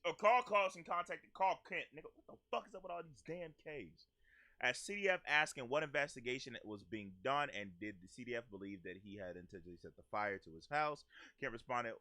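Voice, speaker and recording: A man gives casual reaction commentary with profane, exclamatory outbursts. His pitch swings widely and his tone is bright and forceful. The sound is dry and close. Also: expressive, brisk, dry recording. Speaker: streamer.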